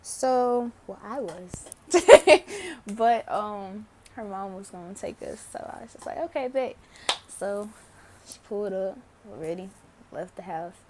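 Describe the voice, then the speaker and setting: A woman's voice: medium pitch, expressive, slow, a little mellow, a little hiss or hum. A young woman vlogging to camera, telling a story casually, laughing often and swearing freely.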